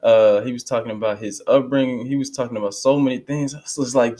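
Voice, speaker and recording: A man's voice: medium pitch, fairly even intonation, brisk, hardly any pauses, mellow. A man hosting a reaction video, talking casually and emphatically with fervent bursts. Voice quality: conversational, emphatic, lapses into quoting others. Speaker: channel host reacting to a speech.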